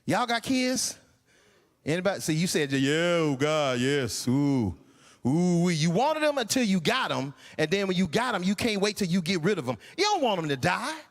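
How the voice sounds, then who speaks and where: A man in his sixties performing a stand-up comedy routine, incredulous and animated. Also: sits high, a little fast, big-room sound. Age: 60s. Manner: animated, incredulous, acts out voices. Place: church hall stage.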